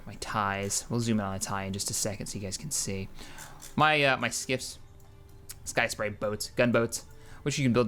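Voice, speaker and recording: A man hosting casual gameplay commentary, excitable and rambling, often correcting himself mid-sentence. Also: on the low side. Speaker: gaming channel host.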